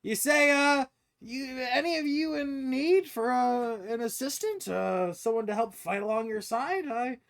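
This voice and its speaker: A man's voice: measured pace, creaky, a bit bright, heavily acted. A man voicing a boisterous, laughing dwarf ranger who offers his services for hire. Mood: jovial. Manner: jolly, booming, cackling laughter.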